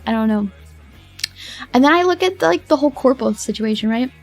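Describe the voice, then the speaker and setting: A woman's voice: high-pitched, lively intonation, brisk, faint music behind. Rambly, laughing young woman streamer. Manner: rambling, laughing often, swearing, dramatic outbursts. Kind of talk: casual livestream chat.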